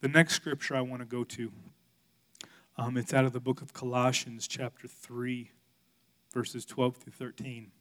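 A male pastor preaching a sermon, telling a candid personal story, swinging from loud outbursts to hushed, quiet passages. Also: medium pitch, flat delivery, measured pace.

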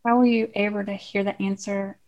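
A woman's voice: mid-range voice, level tone, brisk, darkish tone, lo-fi sound. A woman interviewer who asks short, probing follow-up questions.

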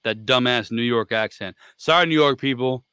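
A man's voice: mid-range voice, moderate pace, pushed and bright, smooth, dry recording, studio quality. A man co-hosting a podcast in casual chat, blunt and opinionated, swearing freely. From Florida. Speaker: podcast co-host.

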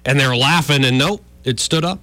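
A man's voice: mid-range voice, normal speed, pushed and bright, no room sound. A man hosting a talk radio show, wry and joking with rambling asides. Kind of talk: casual talk radio banter.

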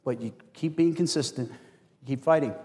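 A man preaching a sermon as pastor, telling stories with animated acted-out quotes. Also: medium pitch, normal speed. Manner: animated storytelling, acts out quotes. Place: church hall. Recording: long hall reverb.

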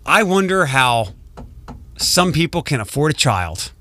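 A man hosting a morning radio show, talking in a measured, logical way and keeping the segments on time. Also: on the high side, sing-song, sharp tone. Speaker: radio host. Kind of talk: casual morning radio chat.

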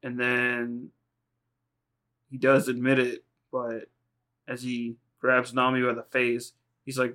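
A man's voice: mid-range voice, completely flat delivery, a little slow, long pauses, fairly bright tone. A man co-hosting a podcast, casually recapping anime episodes in a rambling, profane way, acting out lines in quoted voices. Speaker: podcast co-host.

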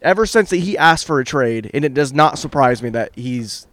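A man's voice: mid-range voice, animated, normal speed, fairly bright tone. Profane tipsy man co-hosting. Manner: profane, blunt. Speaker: podcast co-host. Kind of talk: drunk casual hockey chat.

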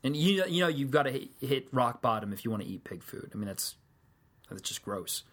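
A man's voice: mid-range voice, big pitch swings, a little fast, fairly bright tone, husky. A man preaching a sermon, telling the story in a casual, conversational way with joking asides.

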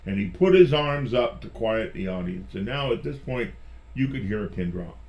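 A middle-aged man, a magician guest, telling personal stories in a chatty, animated way and often restarting his phrases. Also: fairly low pitch, normal speed. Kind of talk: personal storytelling in conversation.

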